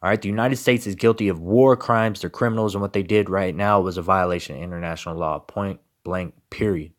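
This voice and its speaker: A man's voice: deep voice, fairly even intonation, brisk. A man giving emphatic political commentary and reading scripture, with repeated rhetorical questions. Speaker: religious commentator.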